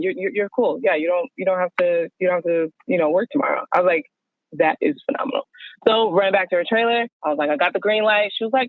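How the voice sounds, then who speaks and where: A woman guest telling her story on a phone call, animated and acting out the dialogue she quotes. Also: lowish voice, fast talker, no echo. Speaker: guest, wardrobe stylist. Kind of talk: casual storytelling over the phone. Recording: tinny phone line.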